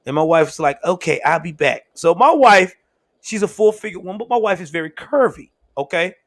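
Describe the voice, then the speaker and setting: A young man hosting a livestream, telling a story in a casual, laughing, animated way. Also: sits high, fairly quick, dry recording. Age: young adult. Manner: laughs often, animated, swears freely. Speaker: show host.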